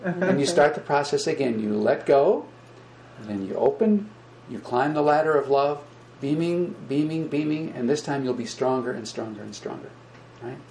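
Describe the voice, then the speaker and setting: A man giving an informal spiritual lecture to a small group, speaking gently and repeating words, growing animated when he acts out examples. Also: mid-range voice, moderate pace, slight background noise, low-quality recording. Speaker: spiritual teacher.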